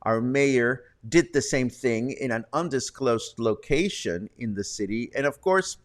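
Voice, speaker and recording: A man hosts a relaxed local news show in a chatty, conversational way. He drops wry little asides between the headlines. His voice sits at an ordinary middle pitch. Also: a little slow. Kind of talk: casual local news roundup. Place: Puerto Vallarta, Mexico.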